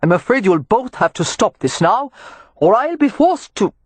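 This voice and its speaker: An audiobook narrator voicing a relaxed young man who speaks in an excessively reasonable, pleasant tone. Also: medium pitch, a little slow, husky, no echo, voice pushed up. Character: dark, graceful young man, calm peacemaker.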